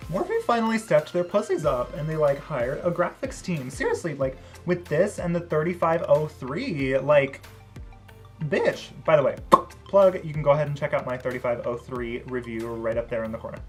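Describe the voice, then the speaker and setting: Beauty vlogger, casual review read: chatty filler-heavy delivery, sassy, profane, prone to loud excited outbursts. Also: mid-range voice, moderate pace, soft background music. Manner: bursts into loud excited exclamations; sassy, swears freely.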